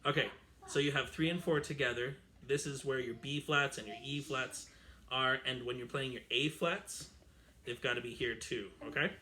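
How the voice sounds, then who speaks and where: Brief: male strings teacher at home, bright tone, counts beats aloud, faint background hiss. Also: mid-range voice, moderate pace. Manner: counts and sings rhythms aloud; chatty with fillers. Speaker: music teacher. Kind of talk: online string orchestra lesson. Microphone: camera mic.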